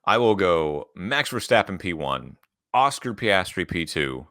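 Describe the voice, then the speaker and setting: A man's voice: deep voice, sing-song, unhurried, bright, forceful tone, no echo, clean studio sound. A man co-hosting a casual sports podcast, joking around and steering the talk from one segment to the next. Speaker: podcast co-host.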